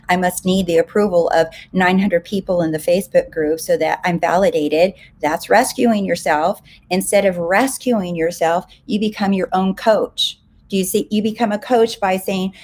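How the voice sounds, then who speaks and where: A woman's voice: fairly low pitch, a little mellow. Emphatic woman coaching. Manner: emphatic, asks rhetorical questions; acts out inner self-talk in quotes. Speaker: success coach. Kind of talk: coaching talk to camera.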